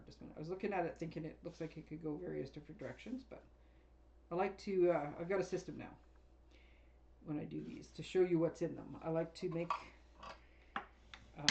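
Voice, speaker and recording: Woman, craft demonstrator, rambling casual chat, laughs often, lowish voice, dull lo-fi sound with faint hiss and clicks. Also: a little mellow.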